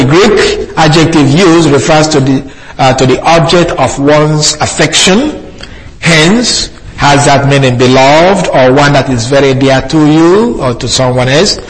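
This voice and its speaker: A man preaching an expository sermon, measured and deliberate, slowing right down to quote scripture with emphasis. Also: fairly high pitch, a bit bright, rough recording. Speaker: pastor.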